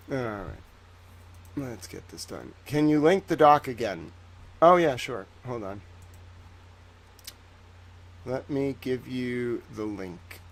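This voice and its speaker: A young man hosting a livestream, talking casually in a chatty, rambling way that turns animated when he is indignant. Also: medium pitch, creaky, slight background noise. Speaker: livestream host.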